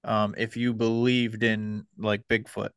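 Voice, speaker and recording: Man, podcast host, low voice, smooth tone, dry close sound, hesitant and casual. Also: a little slow, no echo. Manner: relaxed, hesitant, many ums and uhs. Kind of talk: casual conversation.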